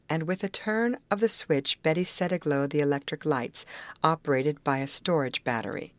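A woman reading a classic novel aloud in a measured narrating style, lifting her voice for the characters' lines. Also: deep voice, no room sound. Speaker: audiobook reader. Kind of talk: scripted narration.

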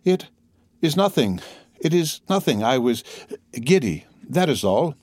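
A man voicing a timid, gentle young woman who speaks softly and anxiously in an audiobook reading. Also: medium pitch, big pitch swings, measured pace, dry recording, studio quality, voice pushed up.

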